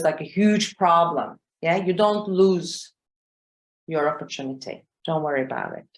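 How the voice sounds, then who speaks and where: A woman exam trainer teaching a live online class over a video call, patient and often checking in with "okay?" and "yeah?". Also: on the low side. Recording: roomy echo.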